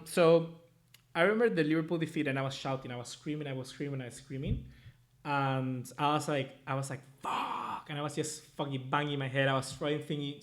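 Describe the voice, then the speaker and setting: A young American man in his twenties, from Latin America, hosts a casual live-stream match review and reads out viewer chats. His voice leans high, his talk rambles, and he swears freely.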